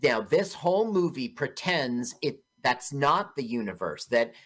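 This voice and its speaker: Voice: medium pitch, sing-song, unhurried, a bit bright. A co-host chatting casually and joking while narrating a movie's plot aloud on an internet radio show. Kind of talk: casual movie riffing chat.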